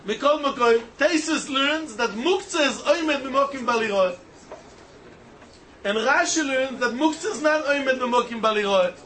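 Man, high voice, style lecture, lively sing-song delivery. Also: measured pace. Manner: animated, mixes Hebrew, Aramaic and Yiddish terms into English, sing-song reasoning. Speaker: Talmud teacher. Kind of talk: yeshiva-style Talmud lecture.

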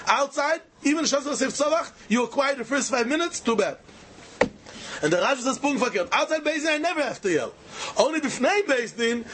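A man with a Yiddish-inflected English accent lectures on Talmud in a sing-song study chant. His voice sits very high and swings widely as he fires off rhetorical questions. Faint noise runs underneath. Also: a bit bright. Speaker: Talmud teacher.

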